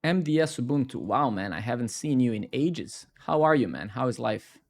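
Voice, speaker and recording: A man chatting casually on a live coding stream, rambling and sarcastic, swearing freely and mocking himself. His voice sits in an ordinary middle pitch for a man. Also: animated, normal speed, vocal fry.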